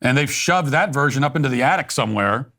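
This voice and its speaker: A male host delivers opinionated political commentary in a blunt, sarcastic tone. His voice sits at an ordinary middle pitch, and he often stumbles and restarts a phrase before pressing on. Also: animated, fast talker, fairly bright tone.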